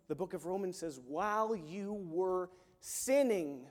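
Male pastor, high voice, lively storytelling sermon, hushed to shouting, long hall echo. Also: slow. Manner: animated, swings from hushed to shouting.

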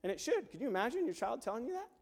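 Animated preacher man in a reverberant hall. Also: very high voice, racing, vocal fry. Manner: animated, swings from hushed to shouting. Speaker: pastor. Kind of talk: sermon with storytelling.

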